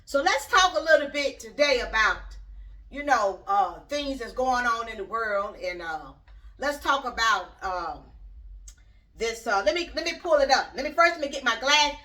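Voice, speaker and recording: A woman's voice: on the high side, expressive, normal speed, bright, forceful tone, distant mic. A middle-aged woman hosting her own vlog channel, speaking bluntly and rambling straight to her viewers. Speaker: YouTube channel host. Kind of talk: casual opinion vlog.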